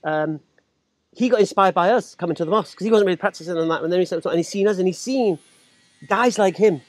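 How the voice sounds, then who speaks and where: A man, telling stories as a podcast guest, animated and laughing as he acts out other voices. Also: sits high, quick pace, dry recording. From England. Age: 40s. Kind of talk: casual storytelling chat.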